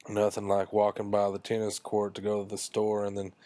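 Man, low voice, casual comic storyteller, rambling, crude, self-mocking. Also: monotone, brisk, dark tone, dry recording.

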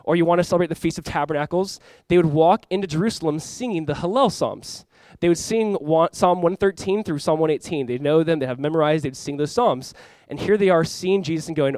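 A male pastor preaching a sermon in a conversational, animated way, acting out the quotes of the people in the story. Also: a little high, brisk, dry recording.

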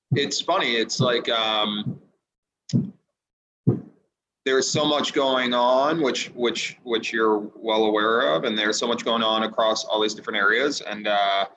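A man speaking as a podcast guest, reflective and halting, with frequent fillers and restarts. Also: on the low side, sharp tone, muffled recording, a little hiss or hum. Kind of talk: podcast interview.

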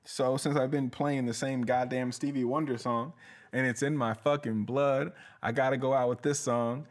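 A man's voice: mid-range voice, steady tone, moderate pace. A male comedian hosting his podcast, ranting in a heated, profane way and often tossing in "bruh". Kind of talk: casual comedic rant.

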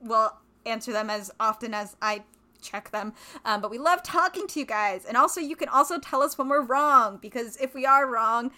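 A woman's voice: on the high side, normal speed, bright, forceful tone. Chatty young woman podcast co-host. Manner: chatty, rambling, giggly. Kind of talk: casual podcast chat.

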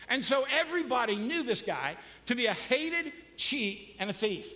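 A man's voice: extremely high pitch, very animated, moderate pace, pushed and bright. A male pastor preaching a sermon in a casual, joking way, quizzing the congregation as he goes. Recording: long reverb of a large hall.

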